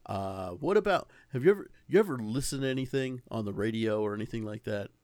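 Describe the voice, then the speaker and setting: A man's voice: lowish voice, animated, quick pace, a little mellow, dry recording, clean studio sound. A man directing a recording session in a comic sketch, rambling and coaxing in a patient way. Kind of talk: comedic improvised sketch.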